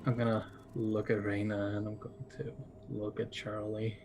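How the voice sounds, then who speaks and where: A man at a tabletop game talks casually, often halting and restarting his sentences. His voice is fairly flat and monotone, with a faint noise in the background. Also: on the low side. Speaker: player.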